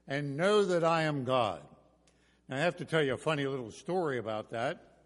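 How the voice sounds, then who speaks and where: An older man preaching a sermon in a church, telling homespun stories with gentle jokes. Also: fairly high pitch, animated, normal speed. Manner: folksy storytelling with jokes. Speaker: pastor. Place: church sanctuary. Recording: reverberant church hall.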